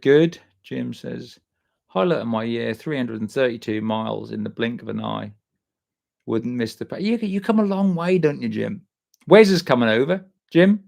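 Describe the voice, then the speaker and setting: A man with a gravelly, rough-edged voice sitting at an ordinary middle pitch. He hosts a live stream in a loose, sweary, matey way, reading viewers' comments aloud and answering each one by name. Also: darkish tone. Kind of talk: casual live chat.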